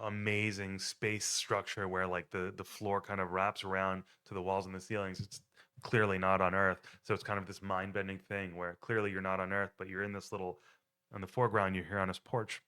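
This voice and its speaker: A man's voice: low voice, bright, forceful tone, clear, resonant tone. A man hosting his own podcast, retelling a film plot in a rambling, self-correcting way. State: choked up, near tears; tired. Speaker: podcast host. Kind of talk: casual film recap monologue.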